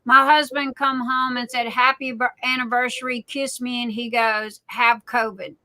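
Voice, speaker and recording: A middle-aged woman chatting casually as a guest, with a bright, fairly high voice. She rambles through her stories and stumbles over repeated words. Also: flat delivery, normal speed, rough recording. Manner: chatty storyteller, repeats words and restarts often. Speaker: guest on a live chat stream. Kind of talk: casual chat.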